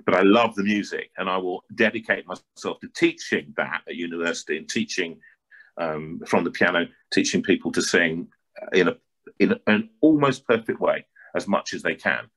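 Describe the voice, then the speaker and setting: A man with a North London accent, an opera singer telling stories in an interview with lively, animated delivery and frequent word repeats. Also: deep voice, moderate pace. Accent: North London English. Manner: lively, repeats words while building a point.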